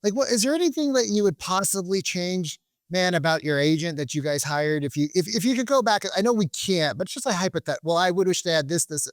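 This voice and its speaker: A man's voice: high-pitched, lively intonation, a little fast, few pauses, no room sound, studio quality. A man hosting a podcast in a casual, rambling way, full of restarts and loose swearing. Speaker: podcast host.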